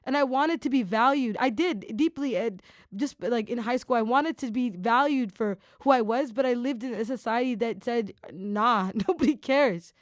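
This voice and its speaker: With a slightly high voice and moderate pace, this woman hosts a podcast in relaxed conversation. She talks eagerly in spurts with plenty of filler words, recorded clean in a studio with no echo.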